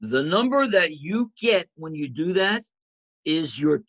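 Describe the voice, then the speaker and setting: A man's voice: on the high side, very animated, a little slow, fairly bright tone, no room sound, poor audio. A man teaching accounting in a lecture over slides, talking in a conversational way and asking the class rhetorical questions. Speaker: accounting instructor.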